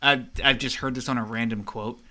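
A man's voice: medium pitch, steady tone, fairly quick, sharp tone. A man hosting a horror movie podcast, chatting casually and joking with his guests. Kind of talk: casual chat.

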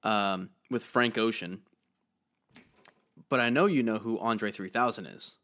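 A man co-hosting a podcast, throwing in jokes and quick reactions in casual chat. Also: on the low side, fairly bright tone. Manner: joking, reactive banter. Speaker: podcast co-host.

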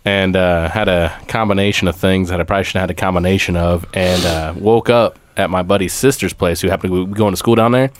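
A man's voice: low-pitched, fairly even intonation, quick pace, few pauses. A man telling a laid-back, self-deprecating story in a casual chat.

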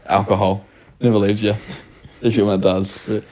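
A man's voice: on the low side, flat delivery, moderate pace, darkish tone. Laid-back young Kiwi man chatting. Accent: New Zealand. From New Zealand. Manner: laid-back, swears, jumps into mock voices. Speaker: podcast co-host. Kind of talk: casual chat.

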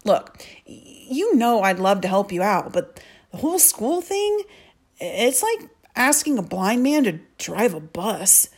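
A woman reads a laid-back teenage big brother in an audiobook. He jokes and stretches out his phrases. He sounds relaxed and apologetic. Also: medium pitch, a little slow, breathy edge, full character voice. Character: teenage boy, easygoing joking older brother.

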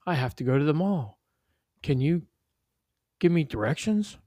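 A man's voice: a little high, animated, moderate pace, dark tone, no room sound, studio quality, voice pushed up. A man voicing an earnest neighborhood mother teaching children in a read-aloud story. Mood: teacherly.

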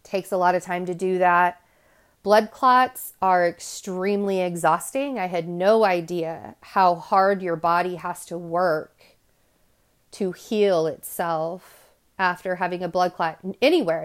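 A woman's voice: lowish voice, clean tone. A woman hosting a podcast, talking to her listeners in a candid, rambling monologue full of asides and restarts. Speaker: podcast host.

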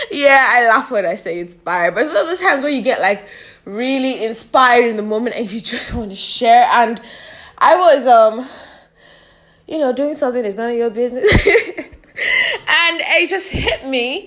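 A woman's voice: high-pitched, animated, unhurried, fairly bright tone. A young woman hosting a casual solo podcast, candid and profane, laughing often. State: a little out of breath. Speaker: podcast host.

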